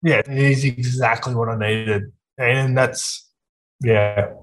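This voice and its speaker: A man's voice: medium pitch, fairly even intonation, slow pace, poor audio. Sweary Australian man telling his story. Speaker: podcast guest. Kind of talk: casual conversation.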